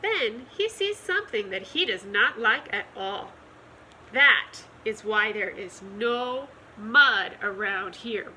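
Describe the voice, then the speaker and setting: Slow, expressive woman reading a storybook. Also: medium pitch, slight background noise, poor audio. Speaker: storytime reader. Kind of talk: reading a children's picture book aloud.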